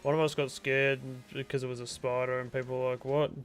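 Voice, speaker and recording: A young Australian man with an Australian accent and a mid-range voice talks fast in a level tone. He rambles casually while commenting on his own gameplay on a stream, chatty and laid-back, mostly talking to himself as he plays.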